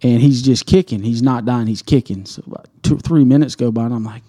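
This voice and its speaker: Male co-host; warm, dark tone; animated, profane storyteller. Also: mid-range voice, a little fast. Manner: animated storyteller, swears freely, laughs mid-story. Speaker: podcast co-host. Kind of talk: casual hunting story.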